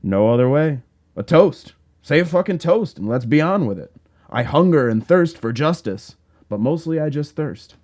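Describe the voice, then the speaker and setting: A man playing Hooper, a loud rowdy drinker. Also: lowish voice, expressive, normal speed, few pauses, natural voice. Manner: boisterous, shouting.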